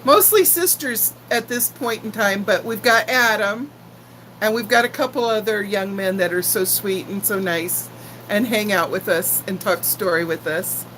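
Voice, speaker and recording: A woman's voice: mid-range voice, normal speed, a bit bright, a little hiss or hum, poor audio. A woman in her sixties hosting a casual live stream, chatting affectionately with viewers and greeting them by name. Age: 60s.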